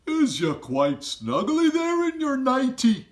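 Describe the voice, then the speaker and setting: Storybook giant, male, old, huge and soft-hearted, played by a man, high and sing-song, broken grammar, slow drawn-out words. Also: huge pitch swings, heavily acted. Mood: tender.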